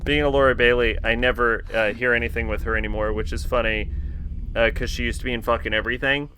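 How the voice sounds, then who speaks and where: A man's voice: mid-range voice, fairly even intonation, fast talker, bright, forceful tone, slight background noise. A man streaming a horror game, giving casual, rambling commentary that is profane and joking.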